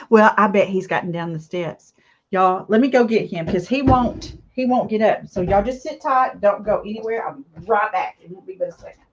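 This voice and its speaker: A woman's voice: medium pitch, moderate pace. Chatty woman crafting, slightly muffled. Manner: chatty, rambling, talks to viewers while working. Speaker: craft vlogger. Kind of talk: casual livestream chat while crafting. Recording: slightly dull lo-fi audio.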